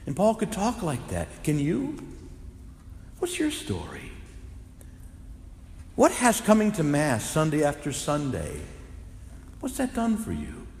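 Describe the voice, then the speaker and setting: A priest's high-leaning voice swings hugely in pitch as he preaches slowly, leaving long pauses between impassioned, loudly exclaimed lines. He's a Catholic man in a large echoing church, and the recording is full of roomy hall reverb.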